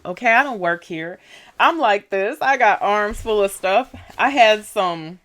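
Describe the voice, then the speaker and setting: A woman vlogger tells a story in a casual, chatty way, peppering it with "you know" and "right?" Her voice is fairly bright with lively intonation and an unhurried pace. When she gets worked up, she acts out the dialogue with her pitch raised.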